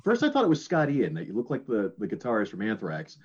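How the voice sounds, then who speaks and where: A man's voice: on the low side, huge pitch swings, fast, husky, dull audio. A man hosting a podcast who chats casually, laughs along with his guest and often trips over his words. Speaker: podcast host. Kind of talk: casual chat.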